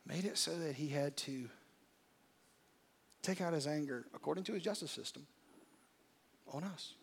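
High-voiced male pastor preaching dramatically. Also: normal speed, gravelly, slight background noise. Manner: dramatic, swings from hushed to loud. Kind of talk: sermon. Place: church service.

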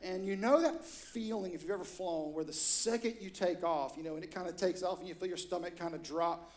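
A middle-aged man preaching a storytelling sermon in a church, animated and acting out quotes with sudden loud high bursts. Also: a little fast. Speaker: pastor.

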